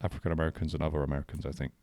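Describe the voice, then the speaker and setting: A man's voice: extremely low pitch, level tone, rapid-fire, noisy background. A young man co-hosting a casual podcast chat, rambling and hesitant, often trailing off mid-thought. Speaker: podcast co-host.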